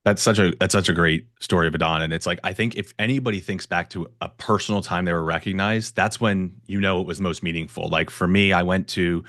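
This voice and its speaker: A man hosting a panel discussion, telling a story in a relaxed, conversational way. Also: sits low, brisk, hardly any pauses, no echo, studio quality.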